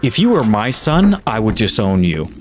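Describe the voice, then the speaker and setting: A man commentating his own horror game playthrough, getting exasperated and shouting when things go wrong. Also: fairly low pitch, very animated, normal speed, slight background noise. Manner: exasperated, yelling in frustration. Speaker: gaming YouTuber. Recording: game music behind voice. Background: game music.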